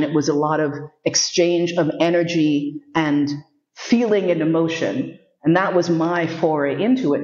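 A New York City woman in her fifties, working as a sexuality educator, tells frank, funny stories in a lecture and acts out the voices of the people she quotes. Her voice is low and a little mellow. The recording is muffled and sounds roomy.

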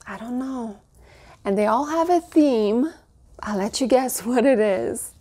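A woman in her thirties chatting casually at home while showing off a haul, gushing and now and then cooing in a high baby voice. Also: a little slow, dark tone. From Canada. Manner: gushing, coos in a high baby voice at her dog and cute mugs. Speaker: vlogger. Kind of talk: casual show-and-tell haul.

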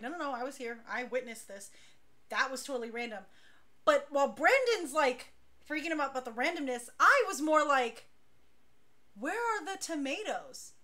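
A woman leading a dance crew, telling stories casually on a talk show, chatty and animated, laughing now and then. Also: high-pitched.

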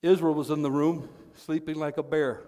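Fervent male pastor, high voice, long church-hall reverb, a storytelling sermon. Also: level tone, moderate pace. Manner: impassioned storytelling, building to fervent shouting. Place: church sanctuary.

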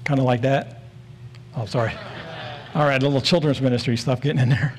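A man's voice: mid-range voice, steady tone, fairly quick, a little hiss or hum. A man in his forties preaching a sermon in an earnest, storytelling way, leaning on repeated phrases.

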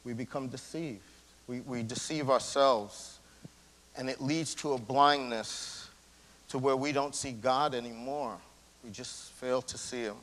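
A male pastor giving a sermon in a casual, slangy way, swinging between loud emphasis and hushed near-whispers. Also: mid-range voice, a little slow. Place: church sanctuary. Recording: long church hall reverb.

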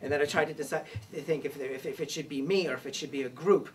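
A woman's voice: low voice, fast talker, slight background noise. A woman telling a rambling personal story to a group, laughing and restarting often. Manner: animated, laughing, many restarts. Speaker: workshop participant telling a story. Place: room with a group. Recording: distant mic with a crowd in the room.

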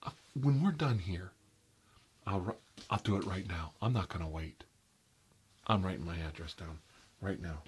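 A man voicing a chatty, oversharing interior decorator in a whispered role-play, rambling and gossiping with sudden high squeals and soft asides. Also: expressive, moderate pace, long pauses, a little hiss or hum. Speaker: ASMR role-play creator.

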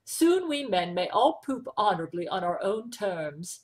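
A woman voicing a calm male counselor who speaks softly and soothingly in a read-aloud story. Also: a little slow. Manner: soft, low and soothing.

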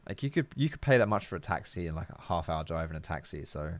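Low-pitched and lively, a young English-accented man speaks quickly with no echo. He streams a game, rambling and chatting casually while responding to his chat.

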